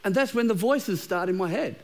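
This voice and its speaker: High-voiced pastor, chatty sermon. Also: male voice, animated, brisk. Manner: conversational and humorous, with frequent repeated words. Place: church auditorium with a live congregation.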